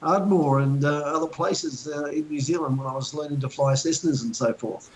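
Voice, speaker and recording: Over a noisy crowd and in poor audio, an Australian man in his fifties speaks at normal speed in a slightly high voice. As a talk show guest, he chuckles while spinning long, rambling anecdotes in casual conversation.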